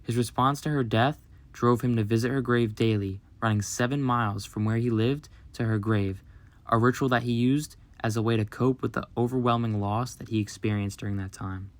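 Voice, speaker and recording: A man narrating a documentary script in an even, measured way. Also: medium pitch.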